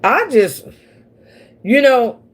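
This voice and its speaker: A fairly high, sing-song voice with drawn-out words belongs to this livestream host, a woman from Missouri and Oklahoma in the central US. She rambles casually with her viewers and laughs a lot.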